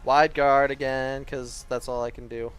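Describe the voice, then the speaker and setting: A man's voice: mid-range voice, flat delivery, a little slow, clean tone, soft background music. A man giving live video game commentary, talking back to the game with pleading and groaning. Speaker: gaming streamer.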